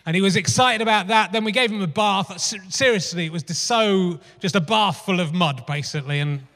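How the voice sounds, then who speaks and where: A man's voice: sits high, fairly quick, fairly bright tone. A man in his fifties hosting a comedy podcast live on stage, rambling through anecdotes in a chatty, swearing stand-up manner. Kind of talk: live stand-up style monologue. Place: theatre stage before a live audience. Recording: live theatre with hall reverb.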